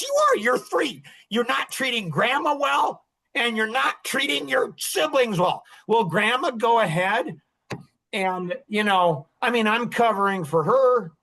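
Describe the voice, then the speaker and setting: A man in his sixties with a notably high-pitched voice talks through a casual monologue. He is emphatic and rambling and circles back on his own phrases. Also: bright, forceful tone. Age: 60s. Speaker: podcast host.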